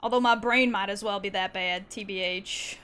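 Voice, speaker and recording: A woman's voice: mid-range voice, fairly even intonation, moderate pace, sharp tone, clear, resonant tone. A young woman from southern Canada, chatting while drawing on stream in a put-on Southern US accent, playful and teasing. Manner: playful, teasing, bursts of silly sing-song noises. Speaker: art streamer. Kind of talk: casual chat while drawing.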